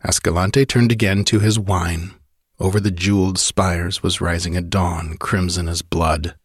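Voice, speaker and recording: A man narrates an adventure story with a steady, measured delivery. His voice sits low and deep, recorded close and dry with no room sound. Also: slightly rough, no echo. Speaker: audiobook narrator.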